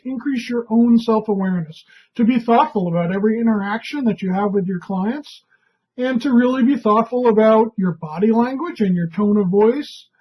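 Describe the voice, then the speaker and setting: A woman trainer giving an instructional talk in a calm, conversational way, often checking in with "right?". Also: fairly high pitch, slightly rough, poor audio.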